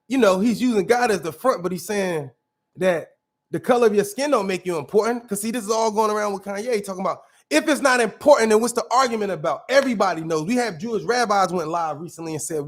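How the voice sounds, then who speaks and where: A man with a high-pitched voice hosts a casual reaction commentary. He argues bluntly and with plenty of profanity, doubling back and restarting his sentences as he works through each point. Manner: blunt, profane, argumentative, restarts mid-thought. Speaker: commentary show host.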